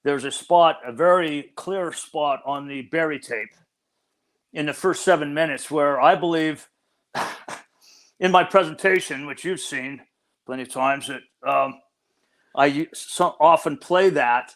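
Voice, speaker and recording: Earnest older man explaining, slightly raised pitch. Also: a bit bright. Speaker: guest expert. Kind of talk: interview answers.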